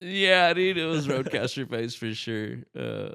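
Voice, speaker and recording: A man's voice: mid-range voice, moderate pace, clean tone, dry recording, clean studio sound. A young man, a comedian, telling stories in a casual podcast chat and acting out other people's lines. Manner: animated, acts out other people's lines in the story. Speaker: guest comedian.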